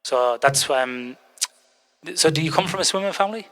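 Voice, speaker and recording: A man's voice: fairly high pitch, moderate pace, fairly bright tone. A middle-aged man hosting a podcast interview, chatty and joking, teasing his guests as he talks. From Ireland. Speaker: podcast host. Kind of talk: casual interview chat.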